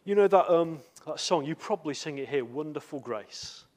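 Man preaching a lively sermon. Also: a little high, brisk. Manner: storytelling with acted quotes and repeated words. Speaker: visiting preacher.

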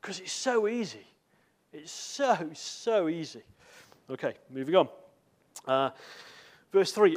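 A man's voice: on the high side, lively intonation, slow. A man preaching in a church with a slightly raised voice. He speaks in a loose, chatty way, full of asides and little fillers as he addresses the congregation. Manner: conversational, with frequent fillers and asides. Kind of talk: sermon.

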